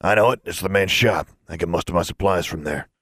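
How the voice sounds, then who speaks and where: A man voicing a big, gruff, tattooed wizard who runs a shop, speaking brusquely in an audiobook. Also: low voice, a little fast, a bit bright, no room sound, clean studio sound. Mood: surly. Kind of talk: audiobook character voice.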